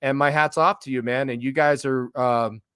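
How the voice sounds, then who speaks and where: A man's voice: mid-range voice, fairly even intonation, normal speed, fairly bright tone, smooth, dry recording. Over-caffeinated guy hosting a live stream, cussing and rambling, dry close sound. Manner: profane, rambling, jumpy. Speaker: livestream host. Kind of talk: casual live stream chat.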